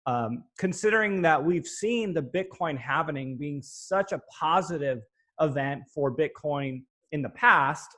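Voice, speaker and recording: A man's voice: on the high side, lively intonation, measured pace, fairly bright tone. A man hosting an interview, asking questions hesitantly as he thinks aloud. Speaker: interview host. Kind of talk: conversational interview.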